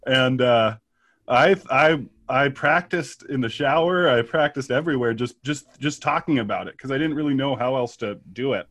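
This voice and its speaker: A man's voice: medium pitch, fairly bright tone, dry recording, studio quality. A man, a pastor, interviewing in casual conversation, talking hesitantly with many restarts.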